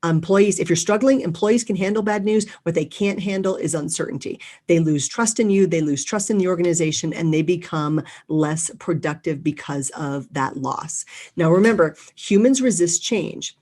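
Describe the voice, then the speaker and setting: A middle-aged woman giving a motivational talk on leadership, lively and acting out quoted people. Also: lowish voice, moderate pace. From United States. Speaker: leadership speaker.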